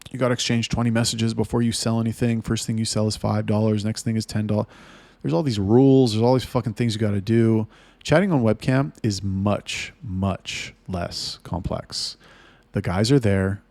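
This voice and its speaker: A man's voice: fairly low pitch, creaky, a little mellow, dry recording. A man talking casually and bluntly to camera about running his business, swearing freely and restarting his sentences often. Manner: blunt and profane, with frequent restarts. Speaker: webcam studio owner.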